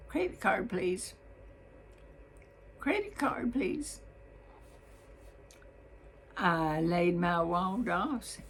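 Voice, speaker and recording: Slow-drawling Southern woman storyteller. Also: lowish voice, a little hiss or hum, low-quality recording. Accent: Southern US (Mississippi). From Mississippi, US South. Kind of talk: personal storytelling.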